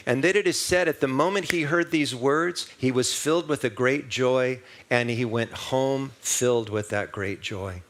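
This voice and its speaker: A man's voice: medium pitch, a bit bright. A man giving a sermon at a church service, telling a story in a conversational way and putting rhetorical questions to the congregation. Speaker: minister.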